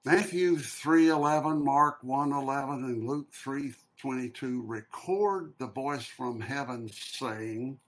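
A man leading a Bible study discussion, speaking in a slow, measured, reflective way and posing questions to the group. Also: medium pitch. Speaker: discussion leader.

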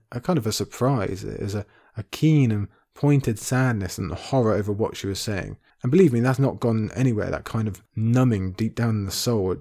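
A man's voice: medium pitch, warm tone. Impassioned man close to tears. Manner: earnest, impassioned, emotional. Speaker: podcast host. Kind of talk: emotional book discussion.

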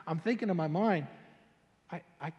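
An older man, a pastor, telling his story in a sermon in an animated, colloquial way with stammering restarts. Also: a little high, moderate pace, lo-fi sound. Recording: long hall reverb.

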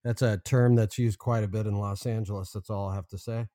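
Man, radio co-host, deadpan, reluctant, low mellow voice, dry close mic. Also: brisk, no echo. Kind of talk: casual radio banter.

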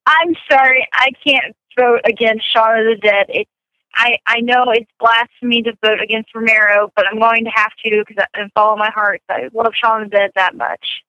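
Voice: mid-range voice, fairly even intonation, normal speed, no echo, lo-fi sound. A podcast panelist giving a short, apologetic vote in a casual chat.

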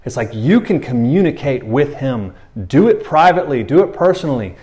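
A man delivering a sermon in a loose, conversational way, with a voice of middling pitch. He keeps turning to the listeners with asides. He slips into quick acted-out voices when he quotes someone. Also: very animated, darkish tone. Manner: casual, conversational preaching with many asides. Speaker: pastor.

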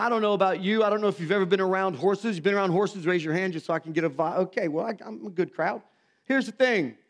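A man, preaching a sermon in a folksy, self-mocking storytelling manner. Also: high-pitched. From Missouri. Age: 50s. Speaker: pastor.

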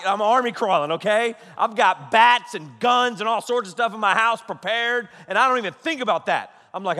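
Animated pastor in a reverberant hall. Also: male voice, high-pitched, fairly quick, hardly any pauses. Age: 30s. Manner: animated, storytelling, frequent "okay?" asides, laughing. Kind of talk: humorous sermon story.

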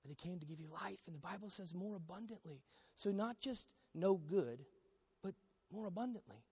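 A man preaching a sermon as pastor, swinging between quiet confession and loud storytelling. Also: high voice, lively intonation, normal speed, breathy edge, dry recording.

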